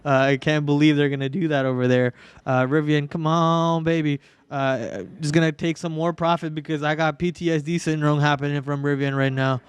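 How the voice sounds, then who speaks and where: This young man hosts a live trading stream, his fairly high voice smooth and level, a bit quick, recorded without echo. He offers casual commentary, cracking jokes and whining melodramatically about his losses.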